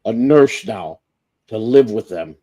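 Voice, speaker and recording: A man's voice: lowish voice, lively intonation, slow pace, dark tone, no echo. A man hosting a livestream, telling a long story in a profane, rambling way with lots of restarts. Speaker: livestream host.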